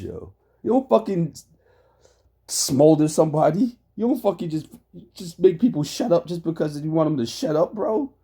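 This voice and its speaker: A man's voice: a little high, dark tone. A man giving heated, profane reaction commentary on a debate clip, ranting and laughing often.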